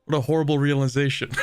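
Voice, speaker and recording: A man's voice: mid-range voice, gravelly, no echo. A man streaming a strategy game, rambling casually and thinking aloud with lots of fillers and chuckles. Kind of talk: casual live-stream chat while gaming.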